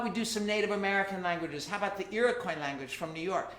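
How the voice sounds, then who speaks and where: A man's voice: high-pitched, quick pace, few pauses, fairly bright tone. A man hosting a live family concert from home, playfully coaxing children to repeat greetings after him. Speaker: children's singer and concert host. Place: at home in California. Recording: roomy sound with faint guitar.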